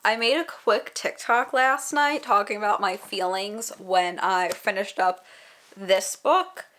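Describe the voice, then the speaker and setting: A woman's voice: medium pitch, slow pace, fairly bright tone. A young woman chatting casually and emotionally in a reading vlog, tired and full of exclamations. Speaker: book vlogger.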